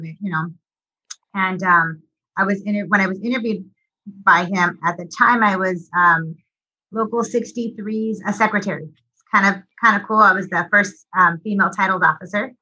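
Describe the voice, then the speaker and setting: Bright-voiced middle-aged woman, halting. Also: lowish voice, muffled recording. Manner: halting, with many ums and restarts. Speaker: union business agent and longshore worker. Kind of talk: casual interview talk.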